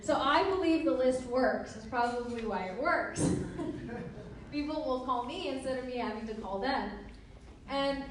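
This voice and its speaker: At a measured pace, a young woman trainer gives a motivational talk to an audience in a meeting room, her high voice playful and full of laughter as she acts out conversations. The recording comes from a distant mic in a very echoey room with faint hiss.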